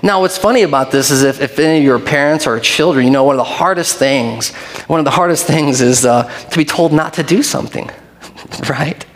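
A man's voice: fairly high pitch, fairly quick. Pastor man preaching in a reverberant hall. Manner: conversational, with short repeated phrases. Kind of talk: sermon.

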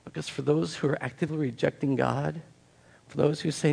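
A man's voice: on the high side, normal speed, gravelly, a little mellow, husky. A man pastor preaching a sermon in a church on a microphone, reading scripture, then talking plainly with casual asides and leading a prayer. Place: church sanctuary. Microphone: handheld or stand microphone.

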